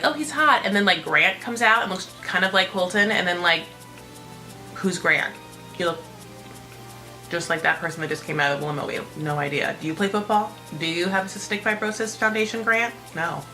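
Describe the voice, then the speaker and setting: A woman's voice: medium pitch, pushed and bright, rough recording. A woman hosting a casual reality-TV recap, chatty and profane, packed with "like". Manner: chatty, profane, constant filler "like". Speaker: host.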